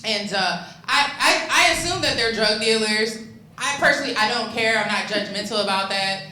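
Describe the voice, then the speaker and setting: A woman's voice: on the high side, animated, normal speed, bright, forceful tone, roomy sound, low-quality recording. A young adult woman doing a stand-up comedy set on a club stage, loose and profane, talking casually with lots of ums and restarts.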